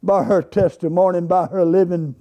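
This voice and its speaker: A man's voice: sits high, steady tone, a little fast, warm tone. An older man, a Baptist preacher telling a story in a sermon and acting out both sides of the dialogue in a folksy way.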